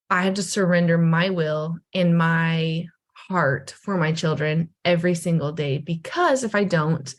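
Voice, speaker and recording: A woman and mother, a guest on a podcast, speaking candidly and reflectively with frequent restarts. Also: deep voice. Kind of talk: casual podcast conversation.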